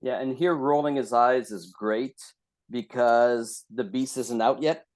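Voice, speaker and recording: Male guest author, mid-pitch, short casual replies. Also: fairly even intonation, measured pace, darkish tone. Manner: brief agreeing replies. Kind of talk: casual chat.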